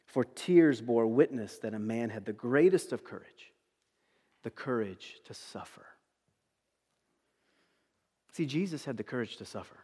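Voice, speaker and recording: A man preaching a sermon. He talks in an animated way, swinging between loud emphasis and hushed tones. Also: mid-range voice, breathy edge, long reverb tail. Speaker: pastor.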